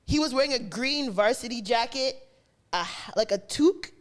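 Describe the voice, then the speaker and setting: A woman's voice: on the high side, normal speed. A woman co-hosting a podcast, telling a story in casual chat and acting out the dialogue. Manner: animated storytelling with quoted dialogue. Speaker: podcast co-host.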